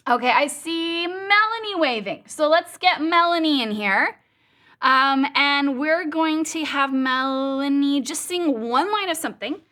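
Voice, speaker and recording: A woman's voice: sits high, sharp tone. A woman teaching a live online singing lesson, upbeat and playful, showing exercises with sung sounds over a video call. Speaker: vocal coach.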